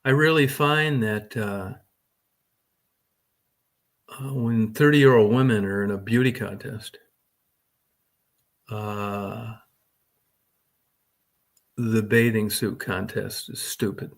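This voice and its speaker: A man's voice: lowish voice, steady tone, slow, creaky, long pauses. A middle-aged man hosting a casual livestream, rambling crudely with lots of swearing and talking to chat viewers by name. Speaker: livestream host.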